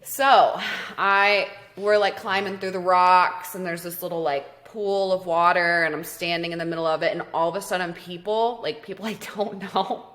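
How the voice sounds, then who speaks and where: A woman co-hosting a podcast, telling a story in casual chat, animated and swearing freely. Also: fairly low pitch, moderate pace, hardly any pauses. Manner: animated, swears freely, acts out quoted voices. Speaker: podcast co-host.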